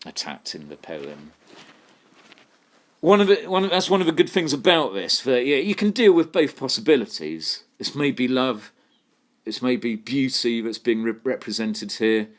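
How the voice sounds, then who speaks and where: A man teaching a poetry lesson, thinking aloud and putting questions to his students. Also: on the low side. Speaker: English literature teacher.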